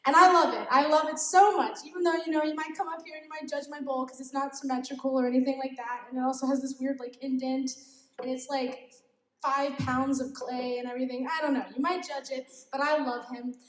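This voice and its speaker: Giggly high-voiced young woman in echoey room. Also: steady tone, a little fast. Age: young adult. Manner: giggly and self-deprecating, often laughing. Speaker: youth group speaker. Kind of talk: informal youth devotional talk.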